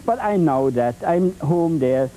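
A man demonstrating oil painting on a 1980s TV show, talking in a halting, repetitive way with many fillers and playful folksy phrases. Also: on the high side, animated, mellow, rough recording. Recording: 1980s TV tape transfer.

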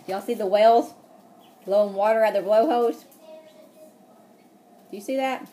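A woman's voice: mid-range voice, moderate pace, warm tone. A woman preschool teacher, reading a picture book aloud and asking the children questions.

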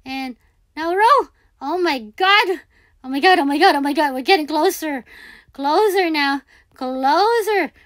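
A high-voiced woman talks her way through a game at an unhurried pace. She repeats her words and pleads with the game as she plays. Her voice sits dry and close to the mic. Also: expressive, fairly bright tone, no room sound. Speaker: gaming video creator. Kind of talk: live gameplay commentary.

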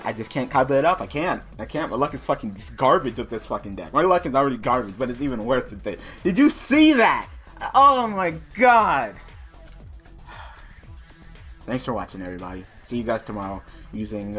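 A man's voice: on the low side, fast, a bit bright, husky, faint music behind. A young man commentating his online card game, reading cards under his breath and ranting with frequent swearing when the draws go against him. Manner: frustrated ranting, heavy swearing; muttering while reading cards. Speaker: card game video host.

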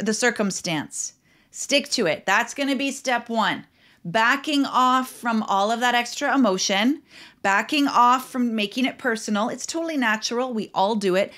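A middle-aged woman hosts a solo parenting podcast. Her voice sits a little high, and she speaks earnestly and with animation. She often slips into acting out the anxious thoughts in her own head. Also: a bit bright.

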